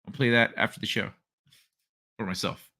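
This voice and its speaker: A man's voice: on the low side, steady tone, moderate pace, bright, forceful tone. A man hosting a livestream, chatting casually and reading out viewer comments in a rambling way. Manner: rambling, thinks aloud, frequent restarts. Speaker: livestream host.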